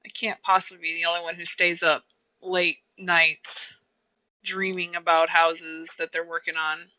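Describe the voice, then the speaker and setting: A woman's voice: fairly low pitch, level tone, unhurried, bright, forceful tone. A young woman streamer chatting casually and rambling to herself while she plays a game. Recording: dull lo-fi recording.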